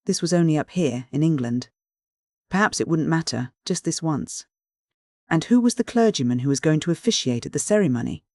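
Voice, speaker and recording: An audiobook reader narrating a classic novel in a measured, even manner. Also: medium pitch, dry recording, clean studio sound.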